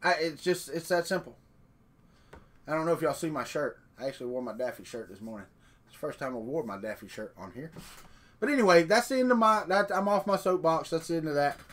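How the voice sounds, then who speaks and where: Folksy man, slightly high voice. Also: animated, a little fast, fairly bright tone. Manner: folksy, rambling, talks off the cuff. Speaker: live stream host. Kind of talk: casual live stream chat.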